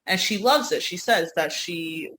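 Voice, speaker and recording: A woman with a New York accent tells stories in loose, rambling chat on her podcast. Her voice is bright and a little sharp, and she talks with lots of energy. A faint hiss sits behind her. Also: lowish voice, measured pace, low-quality recording. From Yonkers, New York. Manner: rambling, animated storytelling. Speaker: podcast co-host. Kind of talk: casual chat.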